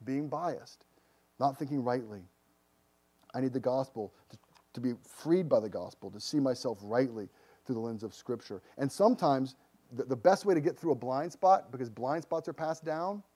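A man preaching a sermon earnestly, swinging from emphatic declarations to quiet, hushed asides. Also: fairly high pitch. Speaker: pastor.

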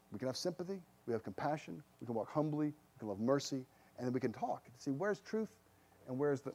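A man preaching a sermon earnestly, swinging from emphatic declarations to quiet, hushed asides. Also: medium pitch. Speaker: pastor.

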